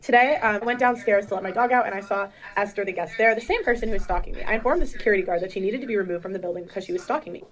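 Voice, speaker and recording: A woman's voice: mid-range voice, very fast, hardly any pauses. A woman in a played clip reading out a complaint, indignant.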